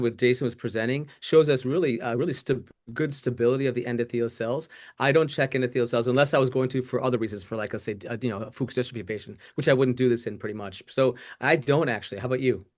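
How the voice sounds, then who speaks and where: Fast-talking middle-aged surgeon, animated. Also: male voice, medium pitch. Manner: fast, animated, quick restarts. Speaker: glaucoma surgeon panelist. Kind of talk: webinar talk.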